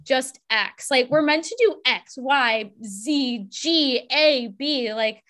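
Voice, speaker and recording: A woman's voice: sits high, takes it slowly, a bit bright. A young woman hosting a podcast, chatting in a bubbly, rambling way with lots of "like". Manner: bubbly, chatty, heavy use of "like". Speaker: podcast host. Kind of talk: casual podcast conversation.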